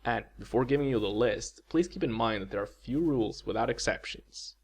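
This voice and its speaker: A man giving a video lecture as a language teacher, explaining slowly and measuredly, with spoken example words. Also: medium pitch, gravelly, darkish tone, slightly rough.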